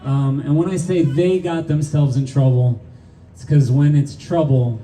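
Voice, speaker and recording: A man's voice: medium pitch, a little slow, warm tone. Distant middle-aged man joking on stage. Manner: loose, profane, laughing storyteller. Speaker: band singer on stage. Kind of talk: stage banter between songs. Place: live music venue stage. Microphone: stage vocal mic recorded from the crowd. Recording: distant live audience recording with band.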